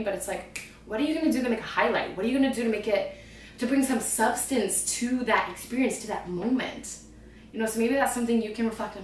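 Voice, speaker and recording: A woman's voice: fairly high pitch, echoey room, recorded from a distance, a little hiss or hum. A woman and trapeze instructor giving a rambling, upbeat motivational talk to her viewers. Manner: chatty, rambling, upbeat, lots of "like". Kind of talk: casual motivational talk to camera.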